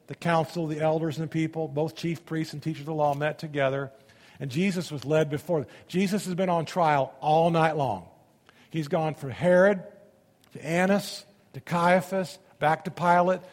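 A man preaching a sermon, reading scripture aloud and commenting on it, swinging between loud emphasis and hushed asides. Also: on the high side, fairly even intonation, moderate pace, in a large hall.

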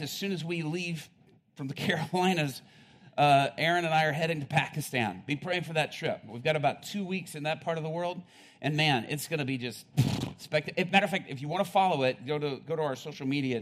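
A man preaching a sermon, telling a story with rising excitement, laughing often and building to loud peaks. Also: mid-range voice.

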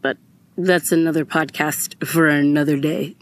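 A woman's voice: low-pitched, a little slow. A young adult woman hosting a podcast, telling a personal story in a candid, emotional way and swearing freely. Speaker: podcast host.

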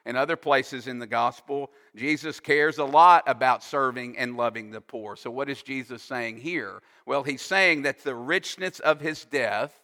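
Slow, bright-voiced preacher in a hall. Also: male voice, medium pitch. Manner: slow, emphatic preaching with explanatory asides. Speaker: pastor. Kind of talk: sermon. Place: church sanctuary. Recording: long reverb of a hall.

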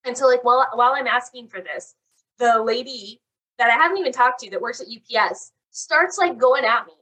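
A young woman casually telling a long story on a chat podcast, animated and saying "like" constantly. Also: fairly high pitch, fairly quick, breathy edge. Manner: animated, fills talk with "like". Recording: voice a bit far from the mic.

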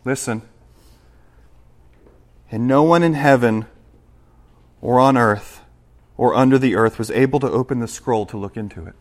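A man preaching a sermon in church, dropping to quiet asides and rising to loud, slowed, climactic scripture reading. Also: medium pitch. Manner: preaching with big swings between soft asides and loud, slow, climactic reading. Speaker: pastor.

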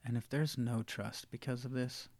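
Brief: male podcast co-host, supportive, quiet earnest delivery, dry close mic. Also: fairly even intonation, moderate pace, dry recording. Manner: supportive, drops to a soft low voice when making a point. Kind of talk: casual chat.

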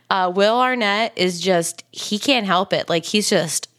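A woman's voice: medium pitch, measured pace, a bit bright. A woman co-hosting a podcast, chatting casually, laughing often and swearing freely. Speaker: podcast co-host. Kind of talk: casual chat.

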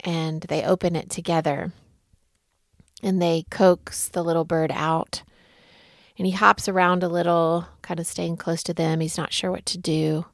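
A middle-aged woman talks in a slow, gentle, storytelling manner as she hosts her own show. Her voice sits a little low and carries a gravelly, creaky texture. The recording is close and dry, with no room sound. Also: level tone, no room sound. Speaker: podcast host. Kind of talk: reflective spoken talk.

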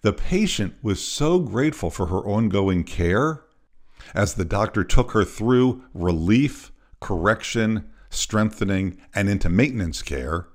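Brief: low-voiced man telling a story on his podcast, expressive, plays all the parts. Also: unhurried. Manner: animated storyteller, acts out voices. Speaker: podcast host.

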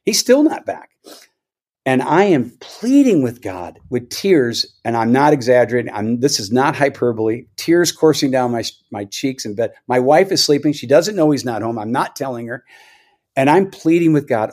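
A man's voice: medium pitch, animated, moderate pace, a little mellow. A middle-aged man, a church elder, earnestly telling a personal story in a podcast conversation, repeating himself for emphasis.

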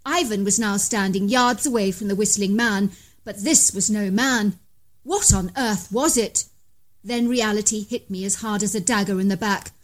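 Woman reading a spooky bedtime story, medium pitch, leans in on the tense bits. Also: moderate pace. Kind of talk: scripted narration of a bedtime story.

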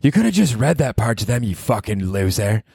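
A man's voice: lowish voice, sing-song, a little fast, creaky, dark tone, husky, no room sound, clean studio sound, exaggerated voice. A man voicing a nagging young girlfriend who teases him and calls him a loser. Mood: scolding.

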